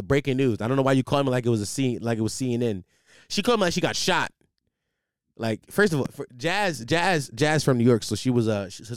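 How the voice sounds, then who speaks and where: Young man as podcast host, animated and profane, clear voice on a close studio mic. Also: mid-range voice, no echo. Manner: animated, profane, rambling with restarts. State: tired, sleepless. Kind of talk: casual storytelling monologue. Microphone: studio microphone.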